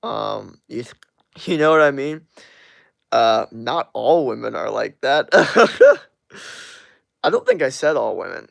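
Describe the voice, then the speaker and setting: Gravelly, blunt young-sounding streamer man. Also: mid-range voice, wildly swooping pitch, slow pace, long pauses, no room sound, clean studio sound. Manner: blunt and profane, laughs often. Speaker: streamer answering chat. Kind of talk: casual livestream chat.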